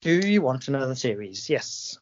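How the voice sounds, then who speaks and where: A man's voice: medium pitch, very animated, moderate pace. A man from England with a southern English accent, co-hosting a podcast in casual chat and playfully acting out the voices in his stories. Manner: playful storyteller, acts out voices in anecdotes. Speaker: podcast co-host. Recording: slightly dull lo-fi sound.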